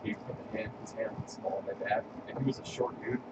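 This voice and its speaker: A man's voice: lowish voice, steady tone. A man telling a rambling story in a casual chat, stumbling and repeating words. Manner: halting, repeats himself. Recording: distant, dull mic with loud noise.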